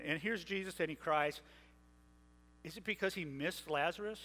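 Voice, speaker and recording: A man's voice: sits high, animated, normal speed, a bit bright, in a large hall, rough recording. A man preaching a sermon, retelling scripture in a conversational way and slipping into playful modern paraphrases.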